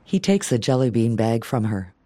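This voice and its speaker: A man calmly reading audio description of a film in an even, neutral way. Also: mid-range voice, moderate pace.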